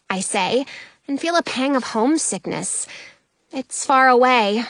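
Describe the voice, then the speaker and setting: A woman narrates a children's storybook in an expressive first-person voice. Her pitch is high and swoops widely. The pace is unhurried, and the recording is close and dry. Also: no echo. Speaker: audiobook narrator. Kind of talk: storybook read-aloud narration.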